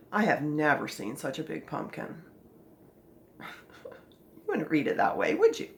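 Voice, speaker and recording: A woman teaching a children's phonics lesson, expressive, patient and encouraging. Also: mid-range voice, moderate pace.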